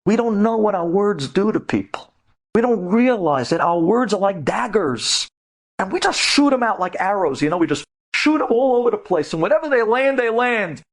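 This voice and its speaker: A high-pitched male rabbi tells inspirational stories in a lecture to women. His delivery is dramatic, prone to loud, emphatic bursts.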